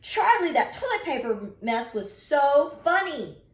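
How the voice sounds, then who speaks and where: A woman reading aloud, voicing a chatty young schoolgirl who gushes loudly. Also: high voice, sing-song, normal speed, pitched above the performer's own voice. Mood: gushing. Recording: roomy echo.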